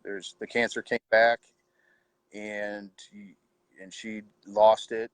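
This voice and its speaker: Soft-spoken man, halting and heartfelt. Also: fairly low pitch, level tone, no echo. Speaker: widower telling his story. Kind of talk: personal storytelling.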